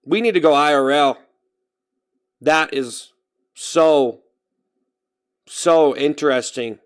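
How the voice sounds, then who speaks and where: A man's voice: on the high side, slow pace, clear, resonant tone. A man talking casually to his live-stream chat, rambling and often stopping to restart and correct himself. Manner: talks straight to chat, reading out names.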